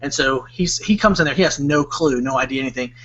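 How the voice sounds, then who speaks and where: Young man, casual podcast storyteller, rambling, bright tone, muffled lo-fi sound. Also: medium pitch, fast talker. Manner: rambling, heavy use of "like", bursts of laughter. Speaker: podcast co-host. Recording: dull lo-fi podcast audio.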